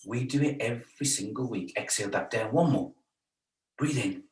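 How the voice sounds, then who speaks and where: A man's voice: medium pitch, moderate pace, a little mellow. A man leading a stretch class, chatty and joking while he counts the holds. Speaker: fitness instructor. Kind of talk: guided stretch class instruction. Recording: roomy sound from a distance.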